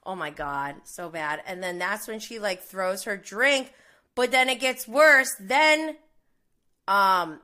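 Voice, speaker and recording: A woman's voice: mid-range voice, slow, sharp tone. A woman in her thirties chatting casually about reality TV gossip, full of "like"s, with indignant outbursts. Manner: chatty, many "like"s, laughs between lines. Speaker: reality TV commentator.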